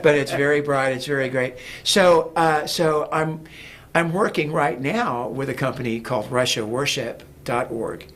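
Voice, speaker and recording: A man's voice: mid-range voice, normal speed, hardly any pauses, a bit bright. A man talking as a guest in a casual interview, rambling with many fillers and restarts. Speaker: guest, music producer.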